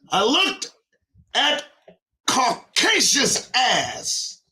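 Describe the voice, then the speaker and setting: A middle-aged man hosting his own show, ranting in a rhyming monologue with sudden shouts and swearing. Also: high-pitched. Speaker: host of a daily online show.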